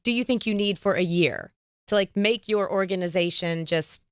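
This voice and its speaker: A woman hosting an interview podcast, telling stories in a lively, animated way and acting out the voices of the people she quotes. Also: medium pitch, normal speed, clean tone, dry recording, clean studio sound. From United States. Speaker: podcast host. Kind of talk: casual interview chat.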